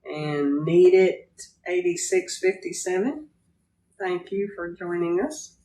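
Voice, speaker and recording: A woman hosting a casual live stream, talking into her phone at home. She greets viewers one by one and laughs freely as she chats. Her voice sits a little low, and she talks at an unhurried, drawn-out pace. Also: warm tone, slight background noise. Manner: chatty, laughs a lot, greets viewers by name. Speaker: livestream host greeting viewers.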